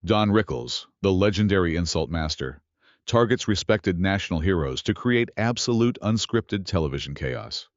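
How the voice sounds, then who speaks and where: Low-voiced male narrator, muffled. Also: animated, moderate pace, no echo. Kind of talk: scripted narration. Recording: muffled lo-fi audio.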